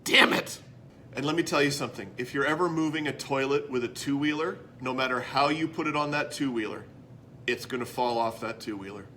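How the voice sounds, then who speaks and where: A Canadian man hosting a rambling comedy show from a room, theatrical and self-mocking, swinging between loud bits and mumbled asides. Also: mid-range voice, brisk, slight background noise. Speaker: host. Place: indoor room.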